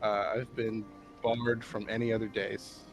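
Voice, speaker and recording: A man's voice: lowish voice, level tone, measured pace, faint music behind. A man chatting casually as a player in a tabletop game, joking and rambling.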